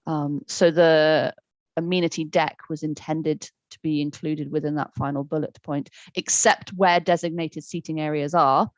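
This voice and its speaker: A woman answering questions as an expert witness at a public inquiry, measured and explanatory. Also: sits low, fairly even intonation, no echo, lo-fi sound. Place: public inquiry hearing room.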